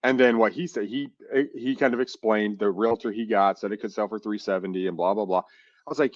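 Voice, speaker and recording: Man, podcast co-host, animated storyteller, dry close sound, dull lo-fi audio. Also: fairly low pitch, a little fast, no echo. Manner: animated, acts out phone calls, says "dude" and "like" a lot. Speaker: podcast co-host and real estate investor. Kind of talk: casual podcast chat, storytelling.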